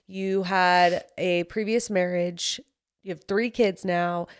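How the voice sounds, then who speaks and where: A woman's voice: lowish voice, steady tone, slow, clean tone. A woman hosting a podcast, chatting casually and laughing often. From Utah. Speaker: podcast host. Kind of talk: casual chat.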